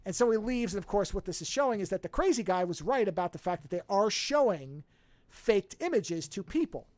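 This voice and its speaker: A podcast co-host in casual chat, retelling a film at length with quick asides. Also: mid-range voice, animated, darkish tone, dry recording.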